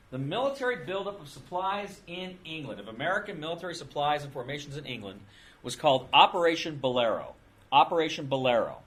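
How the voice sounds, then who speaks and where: A man's voice: a little high, a bit bright. A man giving an informal history lecture in a classroom, talking casually and repeating his points. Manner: casual, conversational, with repeated phrases and restarts.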